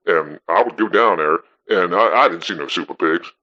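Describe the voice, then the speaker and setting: A man's voice: low-pitched, moderate pace, pushed and bright. A man doing a blunt, scoffing radio caller. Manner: blunt, dismissive, casual swearing. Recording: dull, muffled audio.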